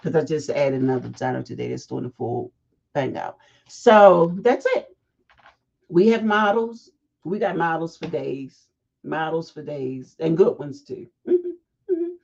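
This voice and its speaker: A woman hosting a casual livestream, chatty and animated, breaking off into asides. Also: sits low, measured pace, creaky. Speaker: fashion week organizer hosting a livestream. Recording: dull lo-fi livestream audio.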